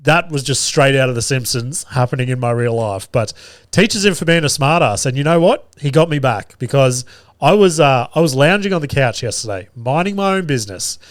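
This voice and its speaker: Animated podcast dad spinning a story. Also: male voice, medium pitch, a little fast, no echo, clean studio sound. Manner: animated, profane anecdote-telling with frequent laughter. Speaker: podcast host. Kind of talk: casual storytelling.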